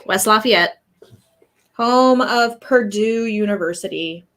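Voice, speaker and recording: A woman's voice: mid-range voice, slow pace, a bit bright. A woman from Indiana chatting casually with a cohost on a livestream, laughing often, on a new microphone. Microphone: new desk microphone.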